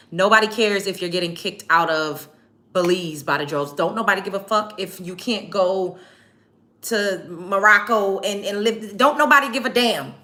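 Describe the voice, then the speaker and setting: A woman's voice: on the low side, sharp tone. A woman hosting a casual commentary show, blunt and profane, talking emphatically to her viewers. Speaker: show host.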